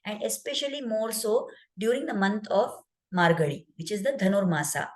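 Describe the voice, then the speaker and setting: A woman's voice: fairly low pitch, a little mellow, low-quality recording. A woman spiritual teacher narrating a devotional story in an explanatory way, with rhetorical asides to listeners.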